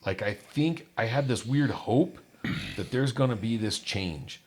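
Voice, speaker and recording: A man telling his own life story candidly, acting out what others said and dropping low and quiet on the painful parts. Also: animated, unhurried, slightly rough. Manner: candid, acts out quoted voices, drops low on painful parts. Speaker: guest. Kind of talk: personal storytelling.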